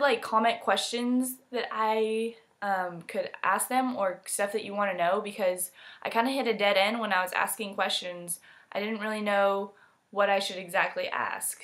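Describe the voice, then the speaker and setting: A young woman talks casually to her camera, rambling from one thought to the next and tossing in playful asides. Her voice sits a little low for a woman, and the delivery stays loose and informal. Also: fairly bright tone. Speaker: exchange student vlogger. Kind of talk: casual vlog talk to camera.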